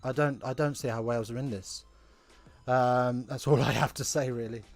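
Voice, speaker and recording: A man talks his way through a live rugby watch-along from his home, chatty and rambling with wry little asides. His voice sits at an ordinary middle pitch, and soft music plays quietly underneath. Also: steady tone, moderate pace.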